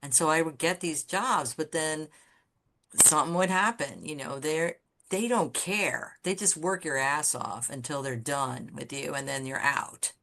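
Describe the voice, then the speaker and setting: A woman guest on a podcast, telling candid stories about her design career in a blunt, swearing, animated way. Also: sits low, a little slow, slight background noise. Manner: animated storyteller who acts out quoted people. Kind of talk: casual storytelling interview.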